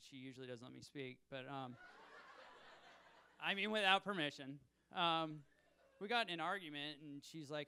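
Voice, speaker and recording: Gravelly, bright-toned young stand-up comic. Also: male voice, a little high, moderate pace. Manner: self-deprecating, nervous, chuckling at his own jokes. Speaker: stand-up comedian. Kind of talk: stand-up set. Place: comedy club stage.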